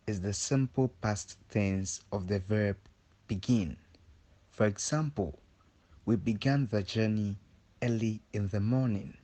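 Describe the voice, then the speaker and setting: Slow, low-voiced man teaching vocabulary. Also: mellow. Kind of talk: scripted lesson narration.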